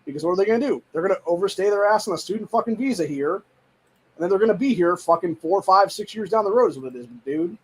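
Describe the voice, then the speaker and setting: A man with a high, husky voice rants in a heated, rambling way. He swears constantly and keeps tossing in "dude" as he talks through his show. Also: lively intonation, fast talker, rough recording. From United States. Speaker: show host. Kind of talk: casual political rant.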